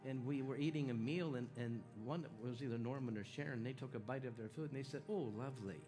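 A man speaks quickly at medium pitch as he preaches a folksy, exhorting sermon, leading a healing meeting as evangelist. He calls out to the crowd, which answers back, in a church sanctuary where worship music is playing.

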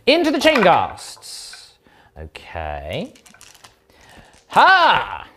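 A man's voice: mid-range voice, sing-song, fairly quick. A man playing a tabletop wargame and talking through his turn in casual, playful commentary, with sudden sing-song exclamations. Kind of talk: casual battle report commentary.

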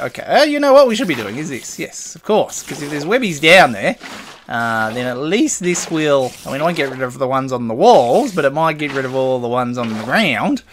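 A man's voice: on the high side, fairly bright tone, a little hiss or hum. A man giving casual, playful commentary over his own gameplay, chatting to the creatures on screen. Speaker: gaming video host.

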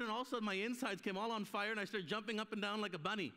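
A man's voice: high voice, rapid-fire, hardly any pauses. A man preaching a sermon at a conference, telling stories and acting out the voices in them. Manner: animated, acts out voices in his stories. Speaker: guest preacher. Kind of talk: sermon with storytelling. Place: church hall. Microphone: live stream sound. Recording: long hall reverb.

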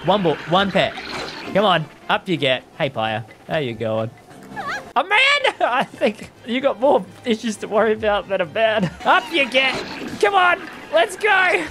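A man commentating his own gameplay on a live stream, excitable and laughing often as he cheers things on. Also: high-pitched, measured pace, noisy background. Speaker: game streamer. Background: game music.

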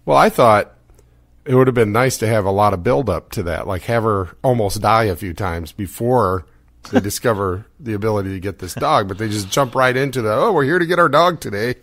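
A man's voice: fairly low pitch, brisk, a bit bright, dry recording, clean studio sound. A middle-aged American man hosting a podcast, chatting casually, laughing often and rambling. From United States. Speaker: podcast host.

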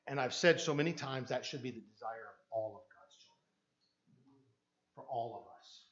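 A Canadian man preaching with a fairly high voice, dropping to near whispers and then rising to loud, emphatic passages. He acts out the people in his stories as he goes. The recording is dull and lo-fi. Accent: Canadian English. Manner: dramatic preaching, acting out voices in quotes, swings from hushed to loud. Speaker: pastor. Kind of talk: sermon.

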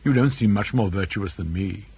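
A man's voice: on the low side, moderate pace, vocal fry, darkish tone, breathy edge, dry recording, pitched below the performer's own voice, exaggerated voice. A man doing a skeptical, earnest young student. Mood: questioning.

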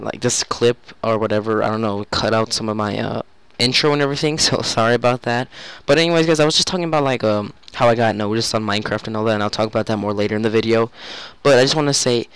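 A man's voice: medium pitch, quick pace, hardly any pauses, a bit bright, smooth, no room sound. A young man giving casual, rambling gameplay commentary as a gaming YouTuber, self-mocking and full of fillers. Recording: game audio noise behind voice. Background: gunfire from the game.

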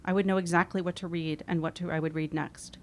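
Woman reading her memoir, lowish voice. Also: quick pace. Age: 40s. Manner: wry, expressive reading. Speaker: author.

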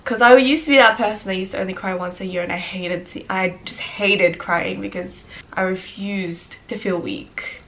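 A woman's voice: mid-range voice, fairly even intonation, normal speed, a bit bright. A young woman vlogging at home in her kitchen, talking candidly and giggling between thoughts. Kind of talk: casual vlog chat. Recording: echoey room.

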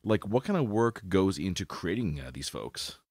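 A man's voice: low-pitched, sing-song, normal speed, a little mellow, no room sound, clean studio sound. A man hosting an interview podcast, asking questions in a chatty, enthusiastic way with plenty of fillers. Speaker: podcast host. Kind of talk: casual interview.

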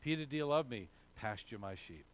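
A man's voice: medium pitch, expressive, fairly quick, voice pushed down, close to an everyday voice. A man acting out Jesus in a sermon, repeating an earnest question. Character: risen Jesus, a gentle man pressing a question.

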